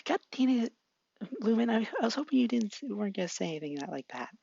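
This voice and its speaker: A man's voice: high-pitched, big pitch swings, fast talker, gravelly, darkish tone, slightly rough, no echo, voice pushed up, heavily acted. A man voicing an exasperated, flustered teenage girl who sputters. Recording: dull lo-fi mic.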